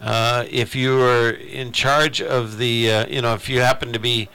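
A man hosting a radio talk show, chatting casually in a halting way with many restarts. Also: mid-range voice, flat delivery, sharp tone, smooth. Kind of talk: casual on-air chat.

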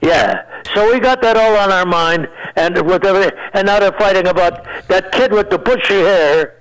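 Man, 90s, comic radio guest: high voice, rambling jokes, hunting for words. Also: moderate pace, fairly bright tone, low-quality recording. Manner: rambling, joking, searches for words, laughs at own jokes. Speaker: comedian guest. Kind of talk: casual joking chat.

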